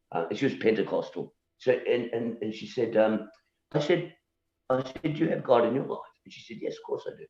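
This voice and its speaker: On the low side and darkish in tone, this male voice belongs to a musician guest in casual conversation. He keeps saying "you know?" and repeats words while arguing his point and challenging beliefs, all in an echoey room with a dull, lo-fi sound.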